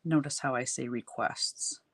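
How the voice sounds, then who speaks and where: A husky, extremely low voice, a little slow, belongs to this middle-aged woman. She runs a casual livestream where she welcomes viewers and chats while making crafts, somewhat sniffly because of allergies.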